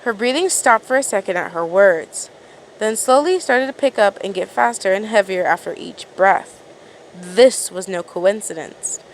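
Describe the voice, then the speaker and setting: Woman fan-fiction reader, mid pitch, casual and stumbling. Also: animated, moderate pace, slight background noise, low-quality recording. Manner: casual reading, frequent stumbles and restarts. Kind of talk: reading a second-person story aloud.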